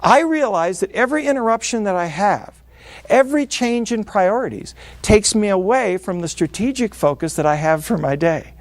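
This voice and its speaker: A middle-aged man delivers a motivational seminar in a lively, animated way, slipping into quoted voices as he goes. His voice sits high for a man. The recording is dry and close, with almost no room sound. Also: normal speed, dry recording. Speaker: speaker.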